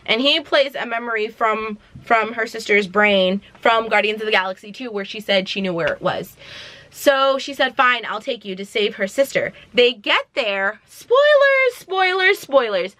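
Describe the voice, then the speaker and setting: Chatty, bright-voiced young woman vlogger. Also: medium pitch, moderate pace. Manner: chatty, dramatic, slangy. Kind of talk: casual movie recap.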